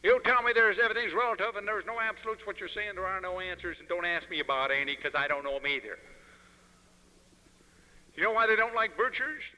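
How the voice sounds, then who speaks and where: Bright-voiced man lecturing in an echoing hall. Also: high voice, fairly quick, muffled recording. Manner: emphatic, preachy storytelling. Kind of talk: impassioned political lecture. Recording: 1971 lecture recording with long hall reverb.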